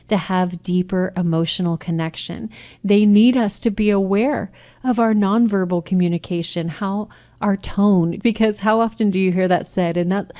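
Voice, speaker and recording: A woman's voice: lowish voice, mellow. An American woman hosting a Christian radio show, giving earnest parenting advice and acting out sample phrases. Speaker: radio host, nurse practitioner.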